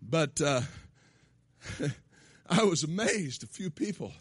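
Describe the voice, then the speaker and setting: A man preaching a sermon in a church, shouting his points, then dropping to quiet asides. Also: fairly high pitch, animated, slow, slightly rough, dry recording, studio quality. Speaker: pastor. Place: church sanctuary.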